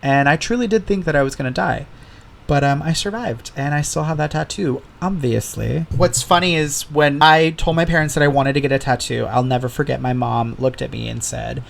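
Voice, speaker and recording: A man's voice: fairly high pitch, brisk, gravelly. A man hosting a podcast alone, telling candid stories in casual chat and swearing freely. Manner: candid storytelling, heavy swearing. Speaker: podcast host.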